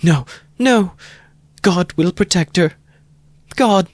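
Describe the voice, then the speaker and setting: A man's voice: sits high, slow, no room sound, pitched above the performer's own voice. A man voicing a frightened, anguished young woman who cries out in desperate pleading, in an audiobook reading. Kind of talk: audiobook character voice.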